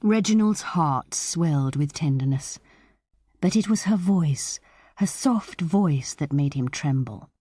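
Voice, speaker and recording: A woman with a fairly low voice reads a short story aloud. Her storytelling is measured and expressive. The recording is close and dry, with no room sound. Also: breathy edge, no echo. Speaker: audiobook narrator. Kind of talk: scripted audiobook narration.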